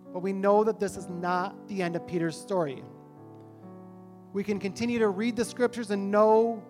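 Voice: mid-range voice, a little mellow. A pastor preaching a sermon in a church, talking conversationally and asking rhetorical questions.

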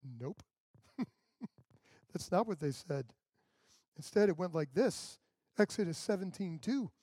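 A man's voice: high voice, expressive, normal speed, warm tone, no echo. A male pastor preaching a sermon in a conversational way, acting out the people he quotes.

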